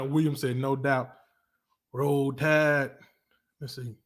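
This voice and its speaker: A man from Alabama with a Southern accent, hosting a casual livestream and ranting about college football in a rambling, animated way full of slang. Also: mid-range voice, slow pace. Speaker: livestream host.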